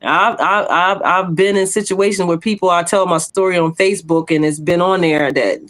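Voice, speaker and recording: A woman's voice: on the low side, moderate pace. A woman, sharing her testimony in casual chat as a podcast co-host. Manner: animated storytelling, acts out quoted voices; bold testimony.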